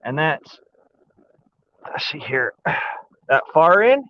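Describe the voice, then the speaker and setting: A man's voice: on the high side, very animated, takes it slowly, sharp tone, dry recording. A man chatting casually in a rambling, folksy way, with an occasional swear. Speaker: vlogger. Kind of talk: casual chat while showing an air gun. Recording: slightly muffled lo-fi audio.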